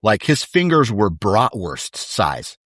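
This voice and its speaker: Casual male podcast storyteller, lower register, dry close sound, easygoing and animated. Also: slow pace, dry recording. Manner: animated storyteller, laid-back, says "dude" a lot. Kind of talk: casual chat.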